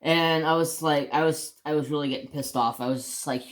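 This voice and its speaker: Man, fairly high voice, casual rambling storyteller, restarts, mild swearing. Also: fairly even intonation, a little fast, a bit bright. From United States. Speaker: crafts channel host.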